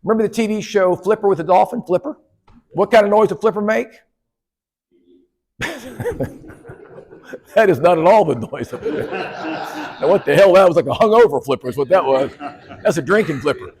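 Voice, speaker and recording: A man's voice: sits high, animated, normal speed, pauses often, darkish tone. A man giving a humorous keynote speech at a conference, joking with and teasing the audience. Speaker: keynote speaker. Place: conference hall.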